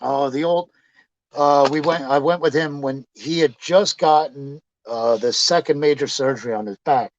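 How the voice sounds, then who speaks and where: At a moderate pace and with a slightly high voice, a man tells rambling, swear-filled stories as a guest in casual conversation, laughing as he talks. The recording is lo-fi, dull and dry.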